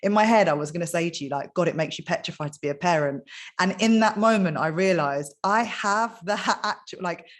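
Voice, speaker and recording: A woman's voice: fairly low pitch, brisk. A young woman, a podcast host talking openly and casually. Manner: open, confiding, says "like" often. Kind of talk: casual chat.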